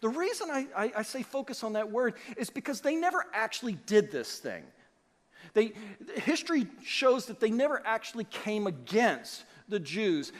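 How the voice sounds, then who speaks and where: High-voiced man preaching in a reverberant hall. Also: normal speed. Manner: animated, acts out quoted voices, rising to loud emphasis. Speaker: pastor. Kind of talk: sermon. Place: church sanctuary.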